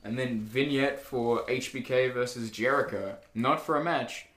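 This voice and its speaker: A man's voice: mid-range voice, normal speed, fairly bright tone, echoey room. A young man, co-hosting a casual podcast in a playful, rambling way. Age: young adult. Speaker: podcast co-host. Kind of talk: casual chat.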